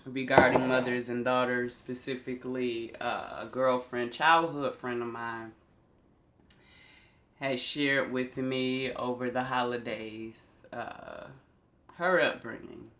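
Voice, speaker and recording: A woman vlogger telling a personal story to her viewers, slow and emphatic, repeating phrases for weight. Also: rumbling low, fairly even intonation, fairly bright tone, roomy sound. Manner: slow, repetitive, emphatic retelling. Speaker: YouTube vlogger.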